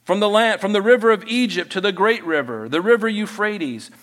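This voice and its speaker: Male pastor, somewhat high voice, animated preacher who reads scripture and acts out quotes. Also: fairly quick. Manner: animated preaching, acting out voices, Bible reading. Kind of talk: sermon.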